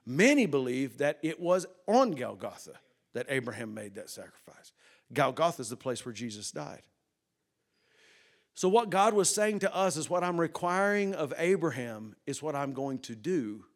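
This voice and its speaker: A man preaching a sermon, moving from hushed tones to loud emphasis and asking the congregation questions. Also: mid-range voice, sing-song, normal speed.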